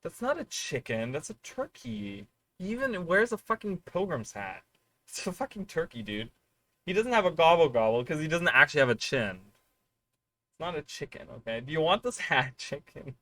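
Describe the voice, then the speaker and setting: A man streaming live, chatting casually with his viewers in a rambling, excitable way and swearing freely. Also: on the high side, moderate pace, no echo.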